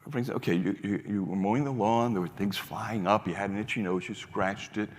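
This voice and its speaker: A man's voice: on the low side, brisk, hardly any pauses. Older man telling a story on stage. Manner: warm storyteller acting out dialogue, many restarts. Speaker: foundation leader giving a keynote. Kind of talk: storytelling keynote speech. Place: large hall on stage. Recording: long hall reverb.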